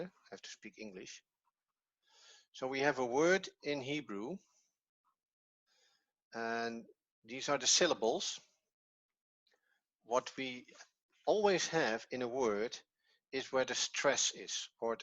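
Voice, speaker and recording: A man's voice: mid-range voice, expressive, slow, pauses often, a bit bright. A man with a Dutch accent, his first language Dutch, teaching an online language lesson patiently and step by step with repetition. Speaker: Hebrew teacher.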